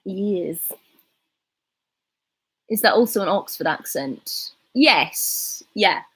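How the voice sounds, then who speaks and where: Breathy young Southern English woman. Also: medium pitch, lively intonation, extremely slow, a bit bright. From England. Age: 20s. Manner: chatty, rambling, reads chat aloud. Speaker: livestreaming YouTuber. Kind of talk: casual chat reading live comments.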